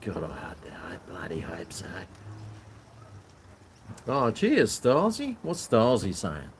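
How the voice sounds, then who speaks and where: A lowish, creaky voice with wildly swooping pitch belongs to an Australian man hosting a livestream at a measured pace. He rambles casually, joking and talking to his dog, both indoors at his house and on the balcony. Faint background noise carries through an echoey room.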